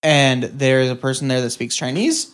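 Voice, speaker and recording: A man from Minnesota chatting casually, blunt and animated, swearing freely. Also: medium pitch, normal speed, clean tone. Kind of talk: casual chat.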